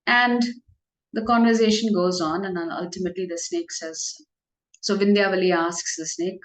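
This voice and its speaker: A woman's voice: fairly low pitch, steady tone, normal speed. Woman telling a devotional story. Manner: conversational, with fillers and light laughs. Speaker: devotional class speaker. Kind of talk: storytelling religious talk. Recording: echoey room.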